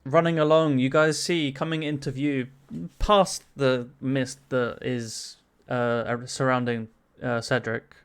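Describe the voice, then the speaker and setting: A man's voice: medium pitch, flat delivery, slow pace, hardly any pauses, clear, resonant tone. A man narrating a tabletop game as game master, casual, laughing often and swearing.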